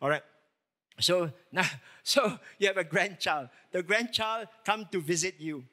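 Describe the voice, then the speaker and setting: Emphatic bright-voiced male pastor preaching. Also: sits high, a little slow. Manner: emphatic preaching with rhetorical questions. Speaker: lead pastor. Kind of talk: sermon.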